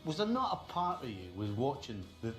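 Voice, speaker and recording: A man's voice: medium pitch, very animated, fairly quick, a bit bright, soft background music. A man on a football panel, joking bashfully with his co-hosts. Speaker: football pundit. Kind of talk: studio panel chat. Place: TV studio. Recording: roomy studio sound.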